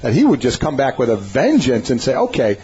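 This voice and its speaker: A man co-hosting a sports talk radio show, animated, with frequent restarts and repeated words. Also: mid-range voice, fairly quick, slightly rough. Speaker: co-host. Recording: slightly dull radio recording.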